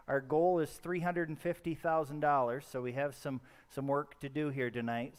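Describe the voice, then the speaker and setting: A man hosting a school fundraiser telethon, reading out the phone number and the donation total in a measured way. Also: fairly high pitch, clear, resonant tone. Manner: measured, reads out numbers carefully. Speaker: fundraiser host. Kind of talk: telethon announcements.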